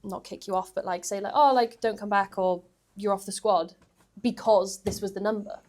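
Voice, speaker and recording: A woman in her twenties, a weightlifter guest, telling stories in a chatty, animated way on a podcast. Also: medium pitch, normal speed. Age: 20s. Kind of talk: casual podcast chat.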